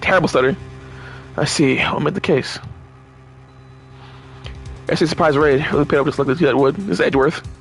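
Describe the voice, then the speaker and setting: A man's voice: fairly high pitch, fairly quick, pauses often, faint music behind. A man playing through a game and reacting to it in casual commentary, with exasperated, profane rants and stumbling restarts. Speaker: gamer reading and reacting to game dialogue.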